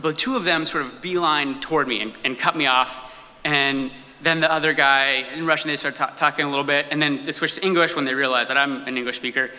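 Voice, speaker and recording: A man performing a live personal story on stage, telling it in an animated, comic way with acted-out asides. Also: on the high side, long reverb tail. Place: stage in an event hall.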